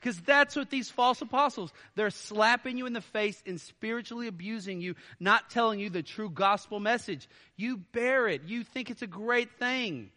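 A man preaching a sermon as pastor, animated and quick with sarcastic asides and laughter. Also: sits high. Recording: church hall reverb.

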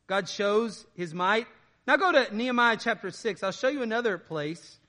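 A pastor preaches in a church, his voice pitched high and ringing bright and forceful. He reads the verses aloud, then breaks them down in plain, everyday talk. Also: animated, normal speed. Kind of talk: sermon with scripture reading.

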